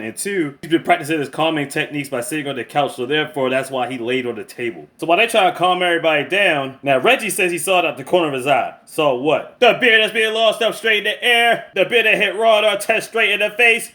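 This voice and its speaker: A young man recapping a sports documentary in casual, profane chat, acting out his reactions. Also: high-pitched. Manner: profane, animated, acts out reactions. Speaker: video reviewer.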